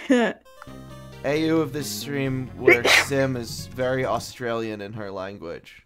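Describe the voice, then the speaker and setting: A man's voice: medium pitch, slow pace. A man streaming a video game, bantering playfully and reading the game's text aloud. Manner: playful, jumps between chatty banter and dramatic reading. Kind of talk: let's-play commentary and reading. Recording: game music behind the voice.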